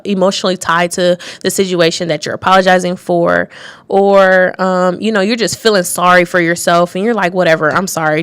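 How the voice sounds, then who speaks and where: A woman with a fairly low voice talks through a topic on a radio show, thinking out loud and reading bits from her notes. She pauses on fillers and restarts her sentences. The sound is dry and close, with no room around her. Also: no room sound.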